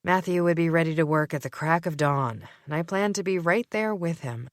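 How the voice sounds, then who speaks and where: A woman narrating a first-person audiobook with expressive, sardonic delivery. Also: lowish voice, moderate pace, dry recording, clean studio sound.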